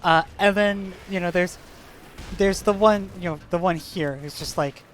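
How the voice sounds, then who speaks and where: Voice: mid-range voice, a little slow. Game streamer, casual commentary, joking, laughs a lot, faint background noise. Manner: joking, laughs often, rambling asides.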